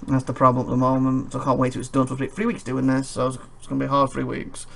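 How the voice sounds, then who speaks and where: A man's voice: mid-range voice, steady tone, fast talker, creaky, hardly any pauses, a bit bright. A tired man playing a game and reading its text aloud, with rambling commentary and chuckling asides. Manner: rambling, chuckling asides between read-out passages. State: tired and yawning. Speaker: let's play host.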